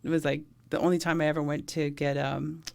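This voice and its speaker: A woman's voice: deep voice, level tone, fairly quick, vocal fry, darkish tone. A middle-aged woman, a first responder, telling blunt, talkative stories in a casual interview and laughing often.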